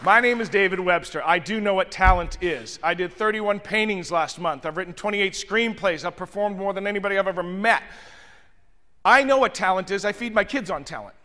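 In a large hall, a male hospitality communication trainer delivers a motivational talk on communication to a function-room audience. His high voice is brisk and sharp, with lively intonation, as he tells stories expressively and addresses listeners directly.

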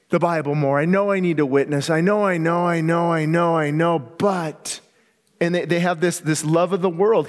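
A male pastor preaching a sermon with passion, swinging from near-shouts down to quiet, low asides. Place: church sanctuary. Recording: long hall reverb.

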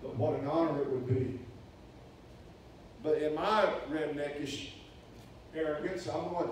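A man preaching a sermon, telling a story with energy and loudly acting out the voices in it. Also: on the high side, measured pace, long pauses. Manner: animated, acts out quoted voices loudly. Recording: echoey hall, distant mic, faint hiss.

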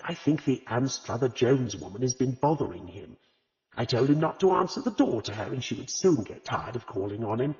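A man voicing a gentle, wry vicar's wife who speaks ruefully and calmly. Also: medium pitch, fairly quick, lightly acted. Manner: rueful and calm. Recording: dull lo-fi audio with long reverb.

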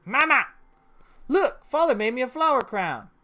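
A woman playing a sweet little girl, polite and eager, lively sing-song delivery, horror game dialogue. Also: high voice, normal speed, voice pushed up, full character voice. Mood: cheerful. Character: eleven-year-old girl, sweet and obedient.

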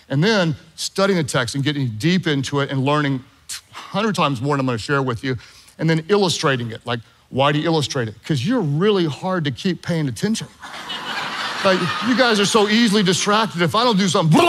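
A middle-aged male pastor preaching a sermon, animated and self-deprecating as he tells stories and jokes with the congregation. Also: fairly high pitch, fast, a little hiss or hum. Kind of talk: sermon with storytelling.

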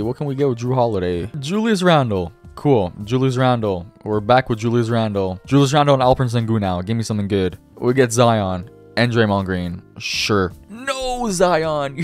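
A man's voice: medium pitch, a little mellow. A young man giving casual, chatty gameplay commentary, talking to the game and his viewers with self-mocking remarks. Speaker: gaming YouTuber. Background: faint background music.

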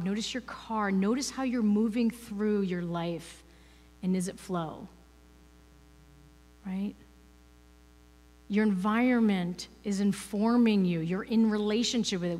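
A woman gives a spiritual talk from the front of a church hall. Her delivery is casual and playful, and she keeps tossing rhetorical questions to the congregation. Her voice sits at an ordinary pitch and echoes through the long reverb of the room. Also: a little mellow. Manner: conversational, playful, asks the audience rhetorical questions. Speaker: guest speaker.

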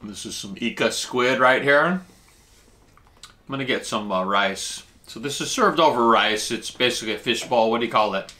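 Bright-voiced man chatting through a tasting. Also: normal speed, hardly any pauses. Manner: chatty, explains Japanese food terms while tasting; eats while talking, with lively jumps in pitch. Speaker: food vlog host. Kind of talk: casual food-tasting chat.

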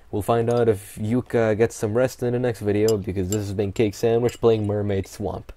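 A man's voice: on the low side, flat delivery, moderate pace, few pauses, mellow, slight background noise. A man at home giving casual, offhand let's-play commentary, swearing freely. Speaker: game player.

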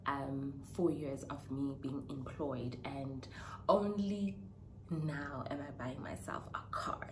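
A young South African woman vlogging in a casual, heartfelt way, chatty and emotional with hesitant pauses. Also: on the low side, a little mellow, slight background noise. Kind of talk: casual personal vlog. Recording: roomy echo with clear background ambience.

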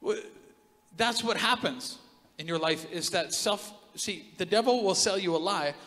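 A man preaching a sermon as pastor of his church, joking and telling stories, with big swings from loud outbursts to hushed asides. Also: sits high, a little slow. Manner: animated, joking storyteller with big swings in loudness. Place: large church hall. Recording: long hall reverb.

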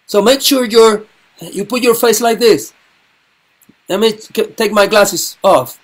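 A middle-aged man teaching a sign language lesson, halting, with frequent ums and repeated words. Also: high-pitched.

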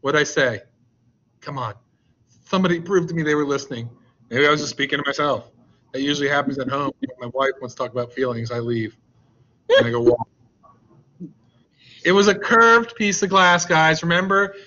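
A man's voice: fairly high pitch, fairly quick, long pauses, sharp tone, dull audio. A male science teacher leading an online class, joking with and coaxing his students. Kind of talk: online class with a slide deck.

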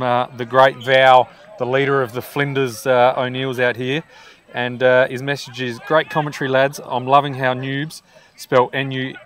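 A man's voice: medium pitch, a bit bright. A man co-commentating a live football match outdoors, full of jokes and nicknames. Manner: jokey banter, playful nicknames.

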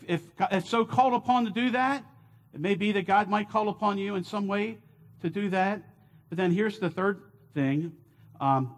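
A man with a high-pitched voice leads a church Bible class. He teaches in an earnest, emphatic way, stressing key words and turning often to the class with questions. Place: church auditorium.

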